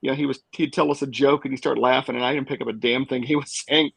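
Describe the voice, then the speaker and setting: A man's voice: medium pitch, steady tone, fast, gravelly, fairly bright tone, no echo, low-quality recording. A man from St. Louis co-hosting a podcast, talking easygoing and full of fillers. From St. Louis, Missouri. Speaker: podcast co-host. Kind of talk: casual podcast chat.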